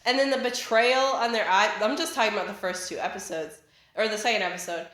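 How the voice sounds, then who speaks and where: A young vlogger rants casually from her living room, chatty and rambling, filling her speech with fillers, restarts, and self-interruptions. Her mid-range voice is fast and a bit bright, and the home room sounds echoey.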